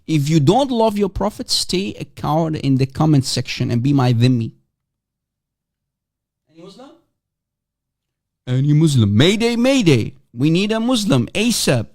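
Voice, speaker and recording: Mocking livestream man, lively pitch. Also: unhurried, long pauses. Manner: mocking and provocative, repeats and teases. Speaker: livestream host. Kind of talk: casual livestream chat taking guests.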